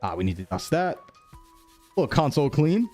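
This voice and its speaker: A man streaming a repair simulator, chatting casually and thinking aloud with excitable bursts. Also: on the high side, a little fast, soft background music. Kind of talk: casual game commentary.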